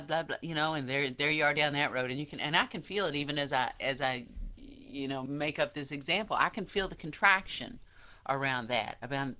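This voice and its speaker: A woman giving a casual spiritual teaching talk, animated and self-deprecating, acting out quoted voices. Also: low-pitched. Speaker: spiritual teacher leading a study group. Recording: dull lo-fi sound.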